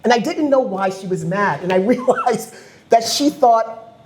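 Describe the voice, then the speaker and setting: A woman on a community panel, telling a story with lively acted-out quotes and frequent laughter. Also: a little high, a little slow, roomy sound, a little hiss or hum. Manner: animated, acts out quoted voices, laughs often. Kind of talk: impassioned panel talk with storytelling. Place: community event hall.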